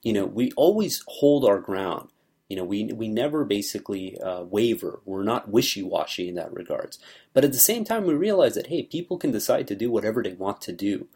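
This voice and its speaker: A man's voice: lowish voice, expressive, fairly quick, a little mellow, breathy edge. A man giving an earnest, conversational talk on scripture, explaining things in a loose, searching way. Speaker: religious speaker.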